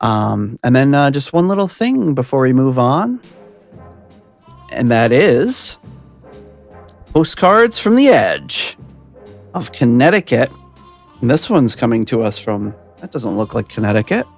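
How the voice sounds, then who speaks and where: A man's voice: mid-range voice, big pitch swings, moderate pace, gravelly, darkish tone, faint music behind. A man hosting a podcast, chatting casually and rambling with laughs and restarts. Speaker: podcast host.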